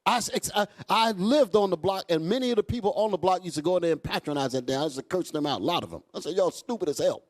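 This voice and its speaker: A man's voice: fast, few pauses. A man preaching a fiery, profane sermon to his congregation, calling out to them as he goes. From United States. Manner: loud, animated, swings high and low, profane, asks crowd "y'all all right?".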